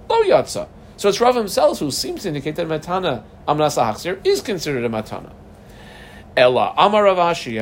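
A man giving a casual, lively Talmud lesson, mixing Hebrew terms into conversational English. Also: on the high side, slight background noise. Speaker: Talmud teacher.

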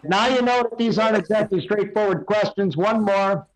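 A man's voice: high-pitched, moderate pace, a crowd in the background, rough recording. An older man telling rambling stories and quiz questions on a casual podcast over a video call, full of fillers. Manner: rambling storyteller with many fillers. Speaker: recurring guest segment host.

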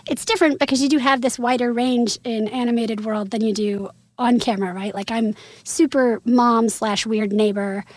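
Woman voice actress, higher voice, animated storyteller, dry close sound. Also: no room sound. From Missouri, USA. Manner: animated storyteller, laughs often, quick asides. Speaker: voice actress guest. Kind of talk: casual interview chat.

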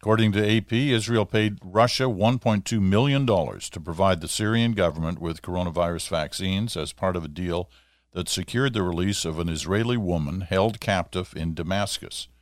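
A middle-aged man hosts a radio talk show from his small home studio. His voice sits very low, and the sound is dry and close. He talks in a loose, chatty way, full of asides and fillers. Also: normal speed, dry recording. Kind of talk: casual talk radio monologue.

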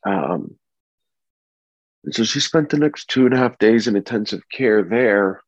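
A man telling the story of his wife's death and caring for their baby, speaking in an earnest, halting, somber way. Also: lowish voice, expressive, no echo. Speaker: bereaved husband and father telling his story. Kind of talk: personal testimony. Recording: dull, dry lo-fi recording.

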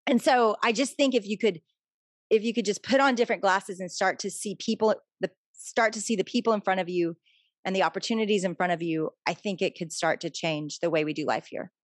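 A woman's voice: medium pitch, brisk, no room sound, clean studio sound. A middle-aged woman author talking earnestly and openly as a guest in a conversation. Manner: earnest, confessional, animated when telling stories. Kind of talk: conversational interview.

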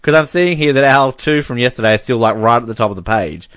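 A man's voice: medium pitch, expressive, fast talker, a bit bright, clean tone, dry recording. A man co-hosting a podcast in casual chat, who laughs often while reading messages aloud. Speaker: podcast co-host.

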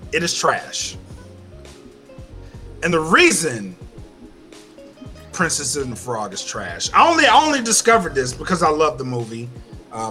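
A man's voice: a little high, bright, forceful tone. A man from Louisiana with a Louisiana accent, co-hosting a casual podcast and ranting with heavy profanity and lots of repeated phrases. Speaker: podcast co-host.

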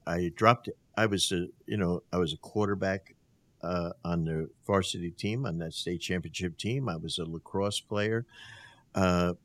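An older man with a very low, deep voice, from New Jersey, tells coaching stories in a relaxed interview. He acts out the people he quotes and laughs along as he goes. The sound is dry and close, with no room in it. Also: moderate pace, no echo. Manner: animated storyteller who acts out quotes, laughs often. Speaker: guest, basketball coach. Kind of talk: casual storytelling interview.

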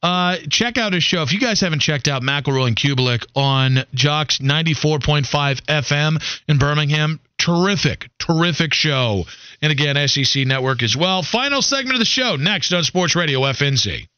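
High, bright-voiced radio host. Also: male voice, lively intonation, a little fast, smooth, dry recording, highs cut off. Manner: joking, rambling, self-deprecating. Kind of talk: casual sports radio banter.

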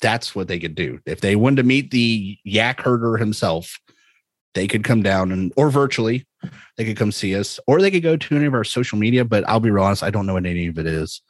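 A man's voice: lowish voice, expressive, fairly quick, no echo. Rambling, jokey American man. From United States. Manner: rambling, jokey, laughs often. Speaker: podcast co-host. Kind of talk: casual chat.

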